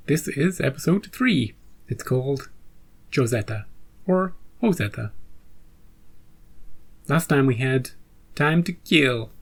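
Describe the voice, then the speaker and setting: A man's voice: mid-range voice, creaky, slightly rough. A man hosting a reaction channel, chatting casually with rambling asides and joking restarts.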